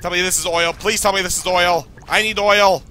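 Jittery young Canadian man, high bright voice. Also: fairly even intonation, fairly quick, a little hiss or hum. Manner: nervous, jittery, talks to himself. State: losing his voice. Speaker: let's play gamer. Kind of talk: horror game commentary.

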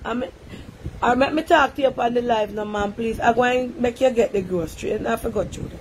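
A woman with a Jamaican accent hosting a live call-in stream, talking briskly and coaxing a caller. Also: on the high side, slight background noise.

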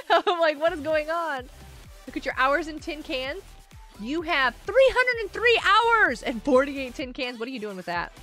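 A woman hosts a casual gaming livestream in a high-pitched, sharp voice with lively intonation and normal speed. She chats with her viewers, reads out chat messages, and giggles often while soft music plays behind her.

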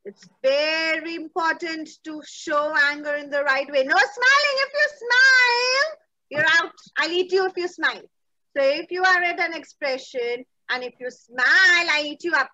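A woman's voice: high-pitched, steady tone, moderate pace, sharp tone, dull audio. A young woman leading an online children's drama class over a video call, playful and coaxing, using endearments. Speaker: theatre workshop instructor.

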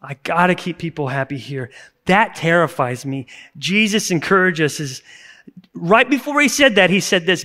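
Earnest high-voiced male pastor. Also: lively intonation, normal speed, bright, forceful tone. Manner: conversational, earnest, with sudden bursts of emphasis. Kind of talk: sermon. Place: church service recording.

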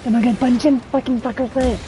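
A woman's voice: fairly high pitch, steady tone, fast talker, background noise. A woman streaming a game, talking to herself casually and swearing often at what happens on screen. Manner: swears a lot, startled exclamations. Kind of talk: casual gameplay commentary.

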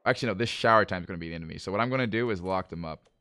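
A man chatting casually with viewers while live-streaming a game, calmly planning moves, then breaking into exasperated outbursts. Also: deep voice, racing, dry recording, studio quality. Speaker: livestreamer playing a management game. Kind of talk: casual live gameplay commentary.

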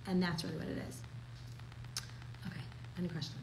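A young woman teaching a casual Torah class, chatty and animated, peppering her talk with "like". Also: fairly high pitch, fast talker, pauses often, reverberant, slight background noise, rough recording.

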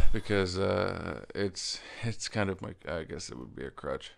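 A man's voice: sits low, lively intonation, measured pace, gravelly. A man giving casual commentary over his own game, rambling with lots of fillers, restarts and the odd stutter, and swearing when surprised. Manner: stutters while explaining. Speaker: let's play gamer.

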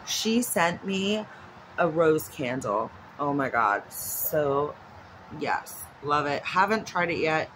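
A woman's voice: sits low, lively intonation, slow, noisy background. A woman vlogging at home in a casual, chatty way, rambling off into asides. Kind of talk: casual chat. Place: at home with her dog nearby.

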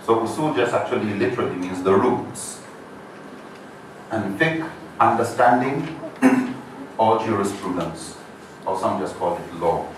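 A man giving an introductory lecture, talking in a measured, explanatory way and posing rhetorical questions to the audience. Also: lowish voice, lively intonation, slight background noise. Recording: echoey hall, mic far off.

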